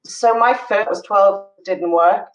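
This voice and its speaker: Woman co-host, mid pitch, earnest and halting, distant echoey mic. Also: over music. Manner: earnest, halting, searching for words. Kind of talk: casual chat.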